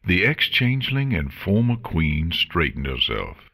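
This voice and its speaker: A man with a very deep, husky voice narrates an audiobook of fan fiction. His reading is slow and measured, yet his pitch rises and falls a lot. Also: sing-song, fairly bright tone.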